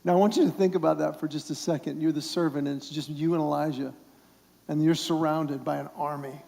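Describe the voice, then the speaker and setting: Gravelly-voiced male preacher in a reverberant hall. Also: fairly high pitch, steady tone, brisk, a little mellow. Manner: storytelling, acting out the voices of the story's characters. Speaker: guest preacher. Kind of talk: sermon. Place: church sanctuary.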